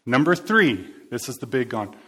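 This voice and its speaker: A man's voice: medium pitch, sing-song, moderate pace, pushed and bright, breathy edge. Chatty, joking man preaching a casual sermon. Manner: chatty, jokey, interacts with the congregation.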